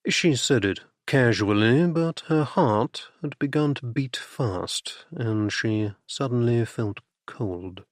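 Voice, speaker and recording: A man with a mid-range voice narrates an audiobook from a script, telling the story in a measured, expressive way. The recording is dry and has a clean studio sound.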